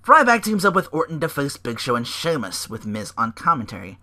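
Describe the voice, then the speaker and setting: A man talks alone in a loose, rambling podcast recap, swearing freely. His voice is bright and forward. His pitch swings widely as he jumps between thoughts. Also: wildly swooping pitch, brisk. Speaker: podcast host. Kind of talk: casual solo recap.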